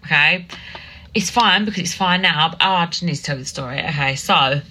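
Young female podcast host, Essex accent, slightly low and bright voice, casual gossipy storytelling. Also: fairly quick, poor audio. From Essex, England. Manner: chatty, dramatic storytelling with many fillers. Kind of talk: casual solo podcast chat.

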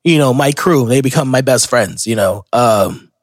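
A man's voice: medium pitch, animated, normal speed, dry recording, studio quality. A young man hosting a podcast, telling rambling, profane stories in a casual solo monologue. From Florida. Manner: rambling, profane, self-interrupting storyteller. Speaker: podcast host.

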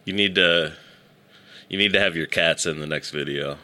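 A laid-back man with a very low voice and a bright, forceful edge to his tone. He keeps a casual podcast chat going, laughs often and cheers his co-host on. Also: normal speed.

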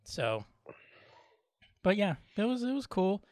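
A man co-hosting a podcast in casual chat, relaxed, laughing often and swearing freely. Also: high-pitched, takes it slowly, dry recording, studio quality. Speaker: podcast co-host.

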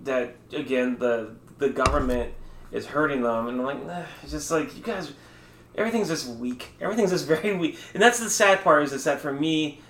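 A man's voice: mid-range voice, fairly bright tone. Blunt, swearing man in an echoey room. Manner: blunt, swears freely, laughs at own rants. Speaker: podcast guest, cancer survivor. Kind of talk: casual podcast chat.

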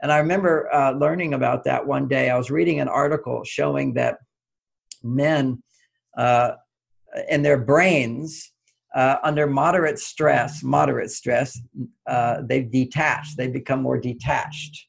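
Gravelly, husky older man. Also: medium pitch, unhurried. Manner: animated, acts out quoted dialogue. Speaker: author and podcast guest. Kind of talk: conversational storytelling interview.

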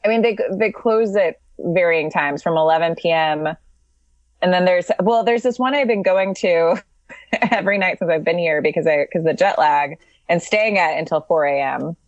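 A woman co-hosting a comedy podcast from a hotel room over a video call, halting and self-deprecating. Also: lowish voice, no echo. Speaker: co-host. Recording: dull lo-fi video call audio.

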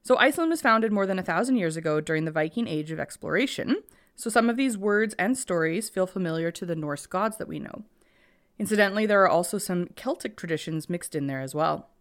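Teasing woman podcast co-host. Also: lowish voice. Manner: dry, teasing, reads notes in a steady flow. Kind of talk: casual chat, reading research notes.

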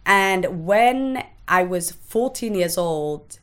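A woman's voice: lowish voice, animated, extremely slow. A woman, a podcast guest recounting her own life frankly and bluntly, swearing freely. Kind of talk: candid personal testimony in conversation.

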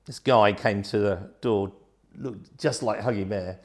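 A man, a guest telling lively anecdotes and acting out the voices in them. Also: lowish voice, unhurried. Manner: animated, acts out voices in his stories. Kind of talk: anecdotal storytelling.

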